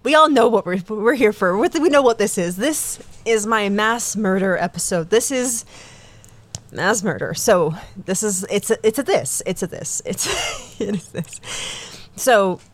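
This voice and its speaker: A woman's voice: medium pitch, animated, a little slow. A woman hosting a true-crime podcast in casual chat, giggly and self-deprecating, rambling with many restarts. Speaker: podcast host.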